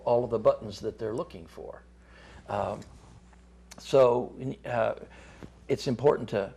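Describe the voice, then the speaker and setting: A man's voice: mid-range voice, vocal fry, dark tone, breathy edge. A middle-aged man, a chamber of commerce guest on a talk show, gives folksy business advice with frequent restarts and repeated words.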